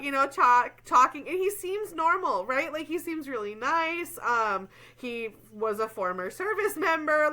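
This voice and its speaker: A young woman with a high, bright voice tells a story on a casual podcast. She is animated and laughs often, and her talk is full of fillers. Her pitch swings widely as she goes. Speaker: podcast co-host.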